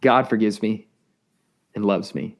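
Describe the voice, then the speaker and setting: A man earnestly telling a personal testimony in an interview, halting and repeating words, his voice rising as he gets intense. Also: lowish voice, vocal fry. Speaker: guest sharing testimony.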